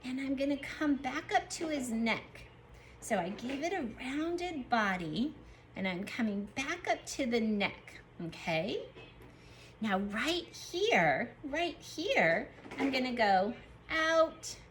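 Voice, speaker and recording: A woman teacher leading a young class through a writing lesson, sounding out letters slowly and praising the children as they work. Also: high voice, big pitch swings, slight background noise. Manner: slow, drawn-out letter sounds. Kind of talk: early-grade writing lesson.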